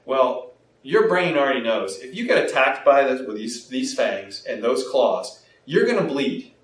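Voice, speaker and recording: Animated man in an echoey room. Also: medium pitch, unhurried. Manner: animated, acts out quoted dialogue. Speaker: interview guest, health practitioner. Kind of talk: explanatory interview talk. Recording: echoey room, mic at a distance, faint noise.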